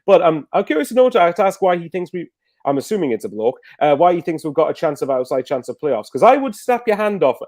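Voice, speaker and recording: Fast-talking rambling man, dry sound. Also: on the high side, very animated, darkish tone, dry recording. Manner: rambling, many fillers and restarts. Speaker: guest football fan. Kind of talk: casual video call chat.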